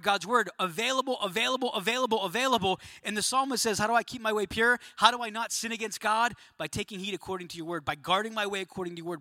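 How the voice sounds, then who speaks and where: High, bright-voiced man preaching. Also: dry recording. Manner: emphatic, rising to near-shouting questions; drops to a quiet, low voice for emphasis. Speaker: pastor. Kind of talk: sermon. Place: room of about a hundred men.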